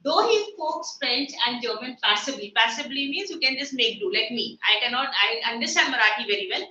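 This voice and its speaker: In an English literature class, a woman explains words through everyday examples in a chatty manner. Her voice is fairly high, expressive, fairly quick and sharp-toned. The lo-fi recording comes from an echoey room with faint background noise.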